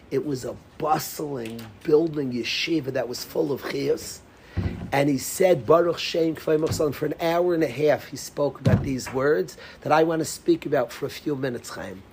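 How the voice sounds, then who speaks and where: Animated rabbi lecturing. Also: male voice, a little high, a little hiss or hum, low-quality recording. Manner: animated, calls on students by name, drops to whispers. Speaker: rabbi teaching a class. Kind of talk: lively Torah lecture.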